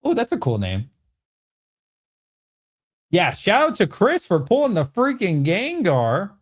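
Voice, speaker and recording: A man with an animated, bantering manner, hosting a casual livestream Q&A from home and answering chat comments. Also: high voice, takes it slowly. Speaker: host.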